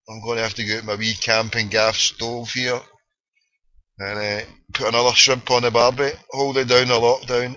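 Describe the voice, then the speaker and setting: A Scottish man hosts a late-night internet radio show from a small, cold room at home, ranting and joking in slangy banter. His mid-range voice is pushed and bright, with little pitch movement and a moderate pace, heard over a dull lo-fi online stream.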